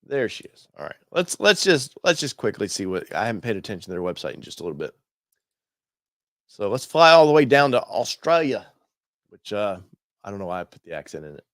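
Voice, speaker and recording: A man with a lowish voice rambles casually as he hosts a car channel, thinking out loud and stopping to restart his sentences. The sound is dry and close, with no room around it. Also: sing-song, quick pace, no echo. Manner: rambling, thinking aloud with many fillers and restarts. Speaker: automotive channel host. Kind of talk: casual talk while browsing a website.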